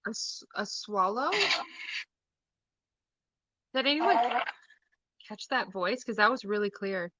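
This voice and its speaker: A woman's voice: medium pitch, animated, slow pace, long pauses, sharp tone, no echo, poor audio. A woman hosting a live-stream seance, hesitant at times and repeating aloud what she says she hears. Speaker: host leading a live seance.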